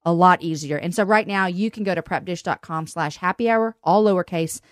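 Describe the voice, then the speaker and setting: A woman hosting a casual chat, telling a story in an animated, flustered way, often laughing. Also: on the low side, brisk, no room sound, clean studio sound. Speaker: podcast host. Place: log cabin home in the country.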